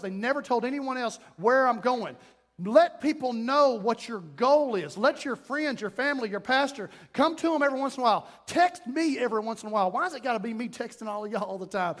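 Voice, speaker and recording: A middle-aged man preaching a sermon as pastor, emphatic and repetitive, with quick self-talk asides. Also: very high-pitched, fairly bright tone. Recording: long reverb in a hall.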